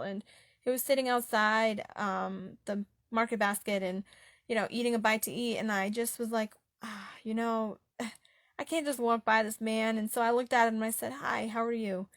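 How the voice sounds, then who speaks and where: A young woman, an author talking earnestly and encouragingly, with many ums and pauses, getting emotional at times. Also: a little high, fairly bright tone, dry recording, clean studio sound. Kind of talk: heartfelt personal talk.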